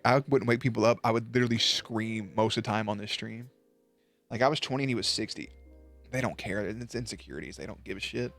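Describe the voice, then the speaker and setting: A man streaming at night, chatting casually with his viewers, swearing, joking and now and then breaking into loud high yelps. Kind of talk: casual chat reading out viewer messages.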